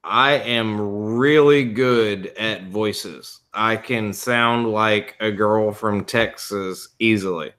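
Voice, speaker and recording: A man's voice: lowish voice, slow, few pauses, fairly bright tone. A man joining a casual podcast chat with dry jokes.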